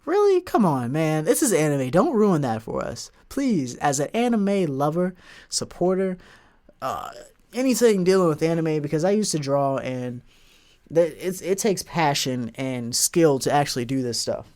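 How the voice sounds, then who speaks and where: A young man hosting his own podcast solo, rambling casually in relaxed slang about his day and family. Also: fairly high pitch, normal speed. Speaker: podcast host.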